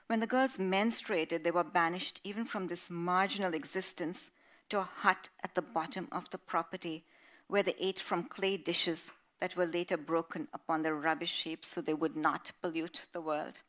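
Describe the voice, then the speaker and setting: A woman author reading her own novel aloud in a measured, expressive way. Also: fairly low pitch.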